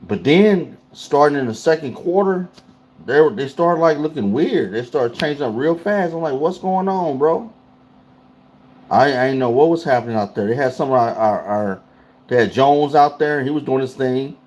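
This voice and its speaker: A man's voice: medium pitch, animated, moderate pace, a little mellow. A man hosting a casual livestream, talking loosely and in slang straight to his chat. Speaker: livestream host.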